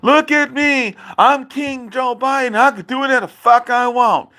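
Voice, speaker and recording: A man mimicking a shrill boastful father. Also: normal speed, sharp tone. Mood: mocking. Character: mocking impression of a boastful older father.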